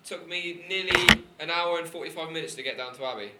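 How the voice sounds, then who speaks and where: A man's voice: on the high side, fast talker. A young man telling a sheepish drinking story on a casual podcast, laughing as he talks. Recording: echoey room, faint noise.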